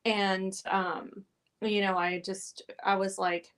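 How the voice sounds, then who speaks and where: A woman talking as a guest in a casual book discussion, chatty with many fillers and quick laughs. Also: medium pitch, level tone, fairly bright tone, smooth. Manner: chatty, giggly, many "you know" fillers. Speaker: guest co-host. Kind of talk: casual chat.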